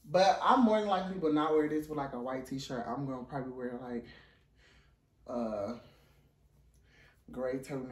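A young man, filming a casual try-on haul in his dorm room, out of breath, playful and sassy, with excited high squeals. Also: fairly quick, long pauses, far from the mic. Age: young adult. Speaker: vlogger. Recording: roomy, from off the mic.

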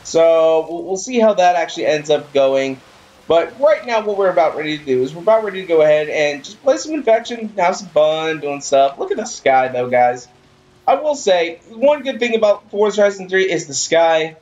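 A man's voice: a little high, expressive, moderate pace, darkish tone, echoey room. A man streaming a racing game live, talking casually in a rambling, easygoing way and often repeating himself. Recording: dull lo-fi stream audio.

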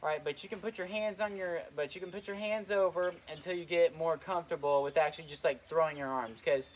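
Young man, high-ish voice, winded, filler-heavy casual how-to. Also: quick pace, slight background noise. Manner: rambling, lots of "like" and "kinda", repeats himself. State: out of breath. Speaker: trampoline tips vlogger. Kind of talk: casual instructional vlog. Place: outdoors on a trampoline.

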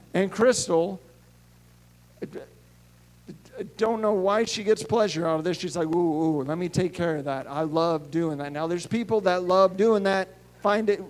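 A middle-aged male pastor preaching a sermon, telling stories and swinging between hushed and emphatic delivery. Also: sits high.

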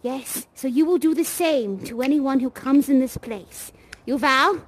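An eccentric, motherly union boss, high-pitched, theatrical, full of pet names, VR game, headset mic. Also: measured pace, a little hiss or hum, low-quality recording. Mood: exuberant. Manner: solemn, ceremonial oath-giving. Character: doting, eccentric female leader of a sweepers' union. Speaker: live actor in a virtual reality theater game.

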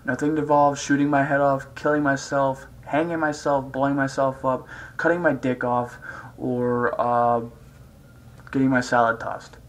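A man's voice: medium pitch, level tone, unhurried, rough recording. A man rambling in a casual vlog, hyper and crude, joking around as he jumps between topics. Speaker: vlogger.

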